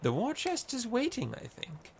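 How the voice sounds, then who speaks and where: Man voicing a high, brash pub regular, gravelly. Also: wildly swooping pitch, normal speed, a little hiss or hum, exaggerated voice. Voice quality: high-pitched, crying out.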